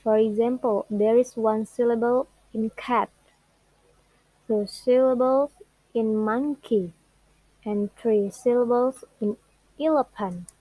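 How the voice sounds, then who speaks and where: A young woman, a student whose first language is Indonesian, presenting what she learned about English word stress in a careful, halting way and drawing out example words. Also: a little high, mellow, no room sound, poor audio. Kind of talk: classroom presentation.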